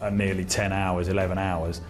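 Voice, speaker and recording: Deep-voiced officer recalling a shift. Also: male voice, little pitch movement, moderate pace. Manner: amused, storytelling. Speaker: police officer interviewed. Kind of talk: interview recollection.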